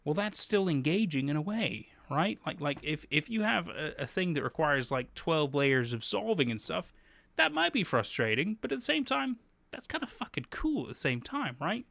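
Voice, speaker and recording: A man's voice: fairly high pitch, very animated, normal speed, vocal fry, fairly bright tone, no room sound. A man hosting a livestream, chatting casually and animatedly, laughing often and swearing freely. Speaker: livestream host.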